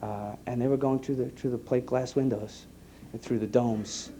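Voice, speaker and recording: A man, an EMT giving an earnest personal testimony to an audience, halting and repeating his words. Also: mid-range voice, fairly even intonation, warm tone, slight background noise. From New York. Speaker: EMT speaking to a conference.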